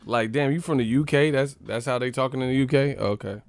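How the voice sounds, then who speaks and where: A man's voice: medium pitch, a little fast, no echo, soft background music. Profane mocking man ranting. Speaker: boxing channel host. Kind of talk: casual live-stream rant.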